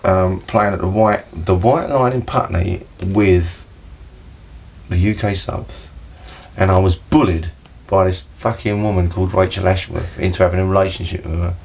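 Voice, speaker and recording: A man's voice: deep voice, steady tone, moderate pace, creaky, darkish tone, husky. A man telling rambling anecdotes in a casual interview, laughing often and swearing freely. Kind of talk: casual storytelling chat.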